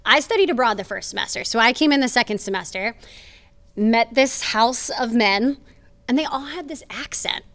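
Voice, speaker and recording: A woman's voice: a little high, normal speed, a bit bright. A young woman from Lancaster County, Pennsylvania, a fill-in co-host telling a story and acting out quoted dialogue. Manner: anecdotal, acts out quoted dialogue. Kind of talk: casual chat.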